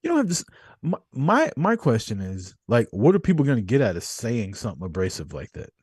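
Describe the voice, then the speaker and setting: A man hosting a podcast, telling stories in a casual, profane, animated way. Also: mid-range voice, fairly quick, a little hiss or hum. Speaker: podcast host. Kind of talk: casual chat.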